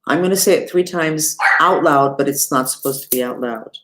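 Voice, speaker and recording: A woman who teaches mantras and meditation, giving an unhurried live-streamed lesson and talking straight to her viewers. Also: deep voice, fairly bright tone. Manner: unhurried, talks to viewers and reads the chat aloud.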